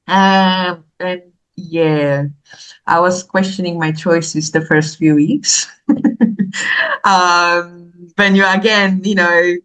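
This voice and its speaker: A woman's voice: on the low side, low-quality recording. A woman, a podcast guest telling her story casually and animatedly, laughing often. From Slovakia. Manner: animated, laughs often, acts out quoted voices.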